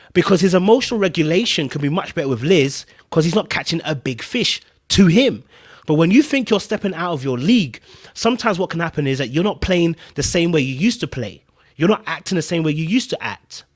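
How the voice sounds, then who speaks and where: Emphatic man, fairly high voice. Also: slightly rough. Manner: emphatic, repeats points, keeps checking in with "right?". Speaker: podcast host. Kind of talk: casual commentary.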